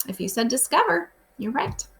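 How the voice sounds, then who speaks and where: A woman's voice: high voice, very animated, normal speed, gravelly. A woman, a grade-school teacher walking her pupils through the day's lesson, asking them simple questions as she goes. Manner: patient, asks children simple questions. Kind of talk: recorded remote lesson walkthrough.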